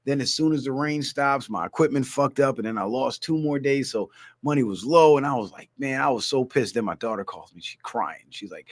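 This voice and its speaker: Middle-aged male streamer, mid-pitched, relaxed cussing storyteller. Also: brisk. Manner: loose, swearing storyteller, animated asides. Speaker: livestream host. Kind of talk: casual livestream monologue.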